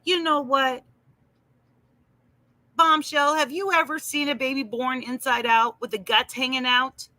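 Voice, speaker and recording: A woman's voice: high-pitched, fairly even intonation, unhurried, pauses often, sharp tone, no echo. A woman talking casually on a livestream, answering viewers in her chat by name with emphatic, heated remarks.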